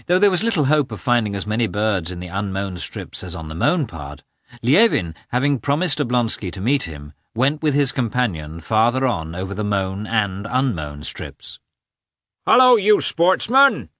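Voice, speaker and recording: A man reading a novel aloud as an audiobook narrator, with expressive, shifting inflection. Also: normal speed, no echo, studio quality. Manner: reads with lively, expressive inflection, lifting pitch for characters' shouts. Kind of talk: scripted narration.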